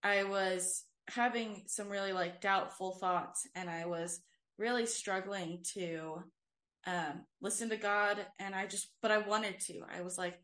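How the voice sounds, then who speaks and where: With an unhurried pace and a mid-range, fairly bright voice held in a steady tone, a young woman tells a personal testimony during casual podcast chat. She co-hosts this faith show and leads worship, and her earnest storytelling rambles with plenty of "like" and "um."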